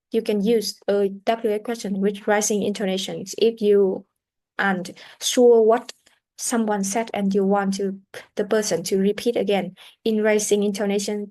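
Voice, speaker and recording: A woman teaching English pronunciation in a classroom lesson, explaining deliberately and often restarting her sentences. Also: mid-range voice, level tone, dark tone.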